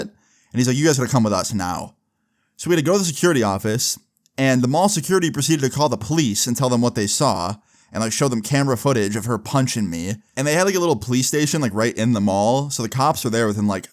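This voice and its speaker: Casual, profane young man telling a story. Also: medium pitch. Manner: casual, profane, lots of fillers.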